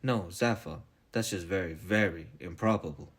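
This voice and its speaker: A man reading aloud, voicing a calm, patient young woman who flies a spaceship. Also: low voice, moderate pace, husky.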